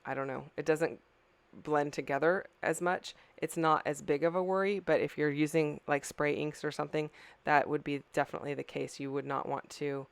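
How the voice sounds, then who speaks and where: A woman's voice: low voice, fairly even intonation, moderate pace, vocal fry, no room sound. A middle-aged woman, tired, casually narrating her scrapbooking process as a craft channel host, rambling a little and correcting herself. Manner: rambling, self-correcting, apologetic.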